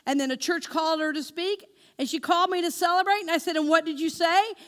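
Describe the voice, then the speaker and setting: A woman minister delivering a sermon, asking her congregation questions and speaking affirmations slowly and deliberately. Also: extremely high pitch, fairly bright tone. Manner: engaging the congregation with call-and-response questions; slow, deliberate spoken affirmations.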